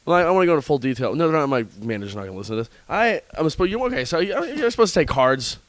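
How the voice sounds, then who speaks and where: A man's voice: on the high side, very animated, rapid-fire. A man chatting casually on a podcast, telling rambling stories full of restarts and laughter. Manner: rambling, self-interrupting storyteller with frequent laughs.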